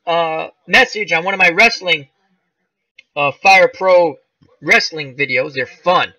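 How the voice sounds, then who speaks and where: A man hosts a loose live-stream chat and reads comments aloud. His voice is high and very bright, with a sharp edge. He rambles from one tangent to the next, chuckling as he goes. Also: no echo, low-quality recording. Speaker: channel host reading live chat.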